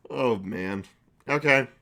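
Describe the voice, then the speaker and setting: A man's voice: medium pitch, sharp tone. A young man narrating a tabletop game for a live-stream chat, chatty with frequent fillers and laughs.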